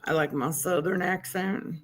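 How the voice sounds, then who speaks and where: A woman's voice: lowish voice, fairly even intonation, slight background noise. A woman hosting a live stream, chatting casually and joking while commenting on a trial. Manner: chatty, joking, drawn-out words. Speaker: livestream host commenting on a trial.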